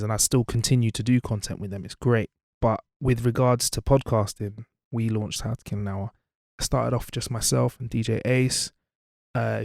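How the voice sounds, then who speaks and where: A man's voice: fairly low pitch, a little mellow, dry recording, clean studio sound. A man in his twenties, a media presenter and guest, chatting casually and animatedly with many "you know"s. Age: 20s. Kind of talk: casual interview chat and storytelling.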